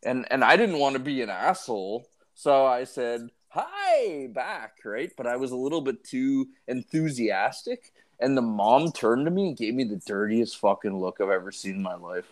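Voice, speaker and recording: A man co-hosting a casual podcast, telling stories in an animated way and swearing freely. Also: medium pitch, normal speed, hardly any pauses. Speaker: podcast co-host.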